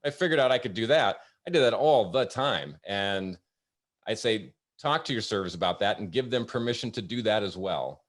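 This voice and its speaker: Low-voiced man telling work stories. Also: expressive. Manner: storytelling, halting with many fillers. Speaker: host. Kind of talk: casual webinar talk with anecdotes.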